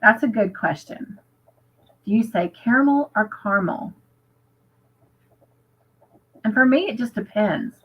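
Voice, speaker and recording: A woman's voice: mid-range voice, moderate pace, slightly rough, lo-fi sound. An American woman hosting a casual livestream chat, upbeat and chatty, reading viewer comments aloud. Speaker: livestream host.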